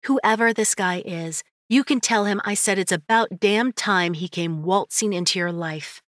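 A woman voicing an excitable, teasing female best friend who talks bossily and swears freely. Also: medium pitch, moderate pace, no echo, clean studio sound, voice pushed up, lightly acted. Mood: excited. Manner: gushing, bossy, swearing freely.

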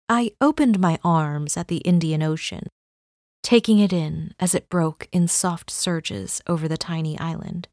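A woman narrating a novel as an audiobook reader, in measured, unhurried storytelling. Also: fairly low pitch, darkish tone, dry recording, clean studio sound. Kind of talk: scripted narration.

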